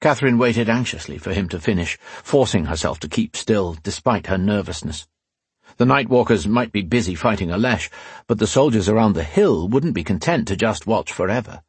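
A male narrator giving a measured, dramatic reading of a fantasy audiobook on a close mic. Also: fairly low pitch, expressive, slightly rough, dry recording.

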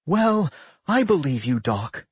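A man voicing a worried, sharp-minded female pixie who thinks aloud and scolds her partner. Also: a little high, sing-song, slow, slightly rough, no echo, pitched above the performer's own voice, heavily acted.

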